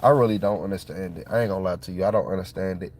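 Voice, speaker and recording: Excitable man rambling in slang. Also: low voice, very fast. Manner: excitable, colloquial, repeats himself. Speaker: channel host. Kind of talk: casual rambling monologue.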